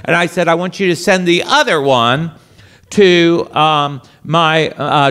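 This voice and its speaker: A man, a priest, telling a lively story to an audience and acting out the other voices, now and then shouting. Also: medium pitch. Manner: animated storyteller, acts out voices, shouts bids. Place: resort event hall.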